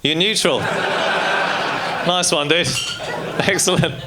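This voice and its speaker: A man's voice: sits high, takes it slowly, over a noisy crowd, very noisy. A male stand-up comedian doing a casual, rambling, profane set on a club stage, full of fillers. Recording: live comedy club with loud audience.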